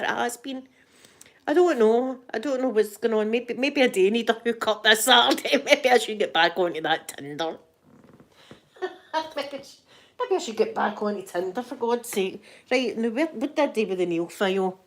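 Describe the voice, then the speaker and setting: A woman's voice: medium pitch, a little mellow. Chatty older Scottish woman, cheeky. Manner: chatty, cheeky, laughs often, uses Scots words. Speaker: ASMR channel host. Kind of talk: casual ASMR chat.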